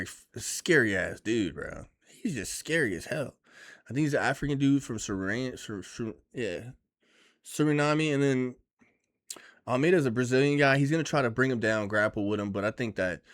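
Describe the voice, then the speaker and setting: A man giving casual, profane and excitable vlog commentary on fight picks, rambling as he goes. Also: medium pitch. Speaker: MMA fight picks YouTuber.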